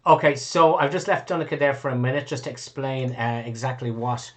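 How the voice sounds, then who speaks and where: A man runs a tabletop game as game master, talking at an everyday middle pitch. He rambles and corrects himself as he goes, with offhand swearing. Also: fairly even intonation, fairly quick. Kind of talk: running a tabletop game online.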